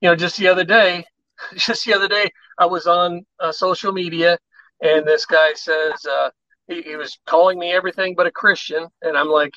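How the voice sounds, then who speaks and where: High, bright-voiced man explaining conversation tactics. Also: normal speed, no room sound, lo-fi sound. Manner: animated storyteller, acts out quoted exchanges. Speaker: podcast guest. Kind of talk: conversational advice on persuasion.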